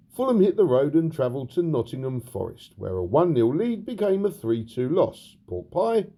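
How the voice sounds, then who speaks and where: A man's voice: medium pitch, very animated, normal speed, warm tone, breathy edge. A man hosting a comedy football roundup in a mocking, sarcastic manner. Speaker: host and interviewer.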